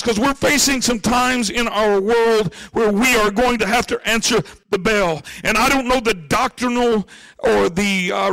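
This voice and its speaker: Impassioned high-voiced male preacher, bright tone. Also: dry recording, studio quality. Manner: impassioned preaching that swells into shouts; addresses the congregation directly. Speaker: pastor. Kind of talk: sermon.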